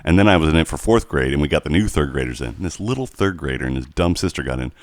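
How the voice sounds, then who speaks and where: A man co-hosting a casual podcast, telling animated stories with plenty of swearing. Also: rumbling low, fast talker, no room sound. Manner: animated storytelling, heavy swearing. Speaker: podcast co-host.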